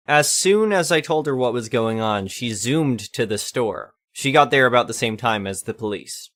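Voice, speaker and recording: A man reading an online storytime post aloud in a plain, even delivery. His voice sits at an ordinary, middle pitch for a man. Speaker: narrator.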